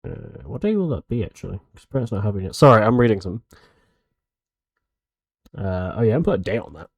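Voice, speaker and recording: A man's voice: fairly low pitch, sing-song, a little fast, dry recording. A man streaming live, chatting casually and a bit ramblingly with his viewers as he greets them.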